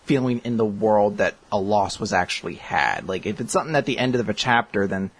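A man hosting a casual podcast chat, excitable and rambling, laughing often as he reads listener questions. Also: fairly low pitch, brisk, slightly rough.

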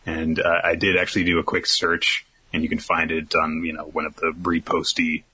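A man's voice: rumbling low, completely flat delivery, normal speed, bright, forceful tone, husky. A young man co-hosting a podcast, reading listener questions in a dry, rambling way that drifts into tangents. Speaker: podcast co-host.

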